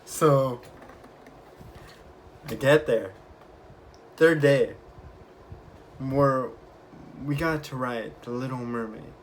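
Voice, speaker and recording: A young man vlogging, casually retelling his week with lively quoted bits of dialogue. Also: mid-range voice, very slow, pauses often, slight background noise. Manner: chatty, animated retelling with acted quotes. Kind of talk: casual storytelling vlog.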